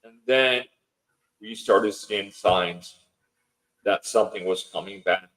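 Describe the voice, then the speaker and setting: A man's voice: lowish voice, takes it slowly, a bit bright, rough recording. A man speaking as a podcast guest, telling a long story casually, quoting what others said again and again, with many restarts and fillers. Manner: retells events with lots of quoted dialogue; rambling, with restarts and filler words. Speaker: podcast guest, house owner.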